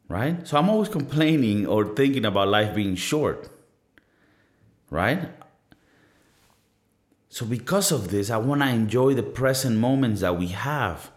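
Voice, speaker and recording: Rambling, profane man in his thirties. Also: lowish voice. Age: 30s. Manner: rambling, profane, self-mocking. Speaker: podcast host. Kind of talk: casual solo podcast monologue. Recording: roomy echo.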